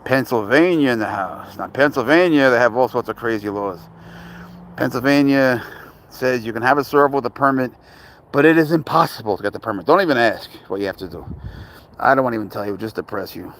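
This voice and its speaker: A man's voice: expressive, a little fast, slight background noise. A man from Canada hosting a pet livestream, chatting casually and in slang with viewers and greeting them by where they tune in from. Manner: slangy, shouts out viewers' locations; rises into high playful baby talk with his pet. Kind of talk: casual live chat with viewers.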